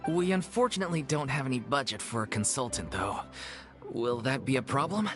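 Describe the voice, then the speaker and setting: Resigned, polite theater-troupe NPC, a voice actor playing it, mid pitch. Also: animated, brisk, over music, close to an everyday voice. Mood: apologetic. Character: weary troupe member running a failing theater group. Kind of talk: video game voice acting.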